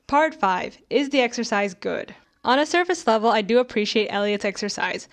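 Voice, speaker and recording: A woman's voice: fairly high pitch, expressive, moderate pace. A young woman reading a scripted video essay in a critical, conversational way, with sarcastic asides.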